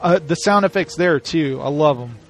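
A man's voice: a little high, expressive, moderate pace, loud music behind the voice. A man hosting a podcast, chatting casually and enthusiastically about a film, laughing often and acting out lines. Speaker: podcast host. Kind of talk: casual movie chat.

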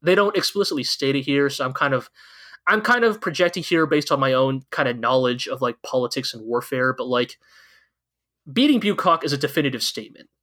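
A man's voice: medium pitch, lively intonation, fairly quick, a bit bright. A man co-hosting a podcast, chatting casually and enthusiastically about an anime, rambling with lots of fillers. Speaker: podcast co-host. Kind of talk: casual anime recap chat.

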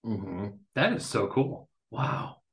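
Lower-voiced rambling male podcast host. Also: very animated, fairly bright tone. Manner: rambling, self-deprecating, halting restarts. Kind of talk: casual interview talk.

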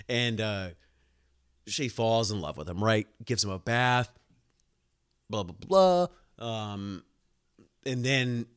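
A man hosting a casual podcast, telling a long story with laughs, swearing and quick acted-out quotes. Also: medium pitch. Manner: animated, laughing, swearing, acts out voices in quotes. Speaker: podcast host.

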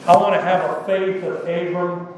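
A man's voice: high voice, steady tone, normal speed. A middle-aged man preaching a sermon as pastor, conversational, with frequent rhetorical asides. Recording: echoey hall, distant mic, faint noise.

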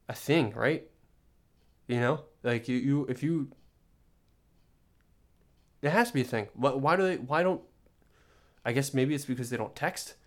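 A young man hosting a solo podcast, rambling in an exasperated, joking rant with many restarts. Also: mid-range voice. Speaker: podcast host.

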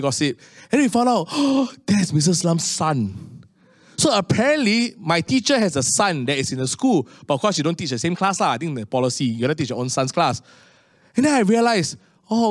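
A middle-aged man preaching a sermon, telling stories with animated, rising tones. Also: dry recording, clean studio sound. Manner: animated storytelling, rising to high excited tones. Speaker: pastor.

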